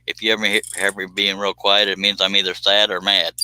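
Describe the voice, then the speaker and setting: A man's voice: fairly low pitch, little pitch movement, brisk, sharp tone, smooth, rough recording. A man hosting a casual live stream, chatting in a folksy, joking way while he cuts on a scroll saw in his workshop. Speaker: livestream host.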